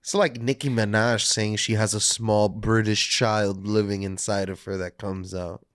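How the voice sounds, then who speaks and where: A lower-voiced man who talks very slowly, dropping wry asides into a casual podcast chat. The recording is dry and close. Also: level tone, a bit bright, no echo. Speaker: podcast co-host.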